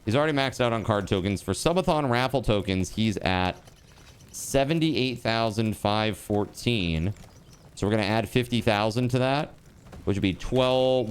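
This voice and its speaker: A man livestreaming and reading out donations in casual chat. He swears, says dude a lot, and bursts into laughter and shouting. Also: lowish voice, smooth. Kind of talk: live stream donation reading.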